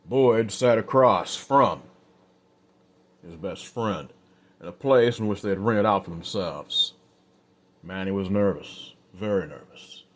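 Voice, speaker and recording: A man narrating an old-west story in a slow, unhurried, casual way. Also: deep voice.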